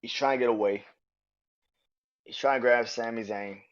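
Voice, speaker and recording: Male podcast host, casual and profane, animated delivery, lo-fi audio. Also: medium pitch, moderate pace. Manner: animated, profane, acts out quotes in raised voices. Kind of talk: casual match review. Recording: dull lo-fi audio.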